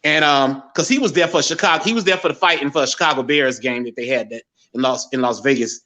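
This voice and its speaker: A middle-aged man from Gary, Indiana, telling an emotional personal story as a guest, animated, with many restarts. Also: medium pitch, fast. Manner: animated, quotes relatives in a raised voice, many restarts.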